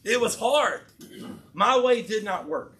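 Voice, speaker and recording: A man preaching a sermon, telling scripture stories in a conversational, animated way with casual slang. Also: high voice, slow, noisy background. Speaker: pastor.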